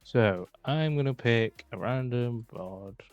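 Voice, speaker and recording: A man's voice: mid-range voice, slow, no room sound, muffled recording, faint music behind. A man giving casual, chatty tips while talking over his own gameplay footage, full of fillers.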